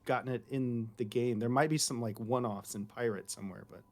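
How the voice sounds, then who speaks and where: A man's voice: medium pitch, steady tone, fairly quick. Playful man in a casual roundtable. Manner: playful, slips into joke accents.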